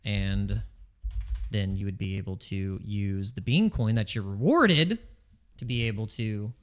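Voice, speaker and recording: Wired on coffee, a man hosts a casual crypto livestream, joking, rambling, reading out chat names and restarting his sentences. His voice is fairly low and his pace is measured.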